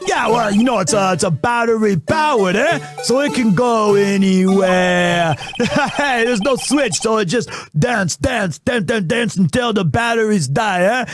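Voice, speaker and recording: Gumshoe: a man doing a shouty high-voiced detective. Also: expressive, music in the background. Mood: boastful. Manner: tough-guy wisecracks, ends lines with "eh?"; shouty, rapid-fire. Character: loud excitable male police detective, bumbling and touchy. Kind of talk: video game voice-acting on a stream.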